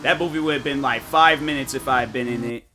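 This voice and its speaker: A young man streaming games, chatting casually with his viewers and telling animated, slang-filled stories. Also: medium pitch, fast, noisy background. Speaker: gaming streamer.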